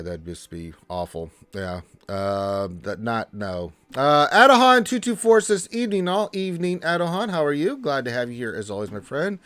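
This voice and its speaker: A man hosting a casual gaming live stream, reading viewer chat in a loose, chatty way with restarts and sudden lifts in pitch. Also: no echo.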